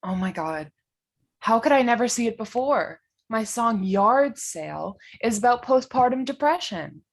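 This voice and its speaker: A woman's voice: on the high side, animated, measured pace, voice pushed up. A woman voicing a panicky young man who pleads frantically, in an amateur comedic audio drama. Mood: elated.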